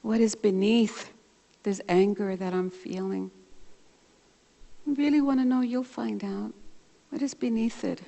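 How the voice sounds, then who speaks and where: A woman's voice: mid-range voice, unhurried, gravelly, pauses often. Woman minister preaching in a reverberant hall. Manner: warm storytelling, animated when retelling a conversation. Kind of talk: sermon. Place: church sanctuary. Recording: church livestream with long reverb.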